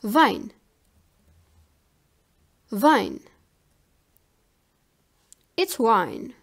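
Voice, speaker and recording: A woman giving a language lesson, saying each word slowly and carefully, often twice. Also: fairly high pitch, huge pitch swings, gravelly. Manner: slow, carefully enunciated word drills. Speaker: language teacher.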